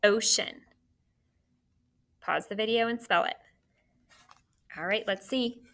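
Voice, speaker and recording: A woman teacher giving a spelling lesson to children, slow and deliberate, sounding out words letter by letter. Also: mid-range voice, creaky, a bit bright, slight background noise.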